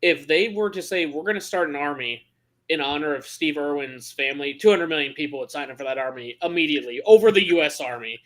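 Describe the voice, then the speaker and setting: A man's voice: a little high, fast talker, fairly bright tone. A man co-hosting a sports podcast, chatting casually and joking with frequent restarts. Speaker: podcast co-host.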